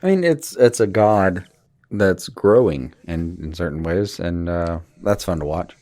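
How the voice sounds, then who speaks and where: A man chatting on a podcast in a very deep voice with a dark, mellow tone. He is laid-back and mostly chips in with short agreeing remarks. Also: expressive, measured pace. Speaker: podcast co-host. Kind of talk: casual chat.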